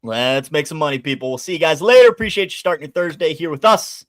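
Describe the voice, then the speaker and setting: A man's voice: fairly high pitch, expressive, fast. A man hosting a sports betting show, chatty and upbeat as he runs through picks for viewers. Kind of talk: casual sports betting talk.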